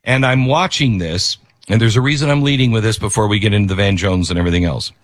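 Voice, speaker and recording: A man's voice: lowish voice, quick pace, dry recording. A man hosting a commentary show, giving impassioned, preachy opinions.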